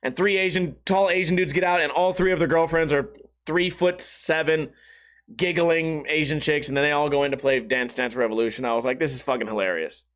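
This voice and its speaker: A man's voice: on the high side, steady tone, fairly quick, fairly bright tone. A man hosting a podcast, talking in a profane, rambling, self-mocking way. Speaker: podcast host. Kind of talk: casual podcast monologue.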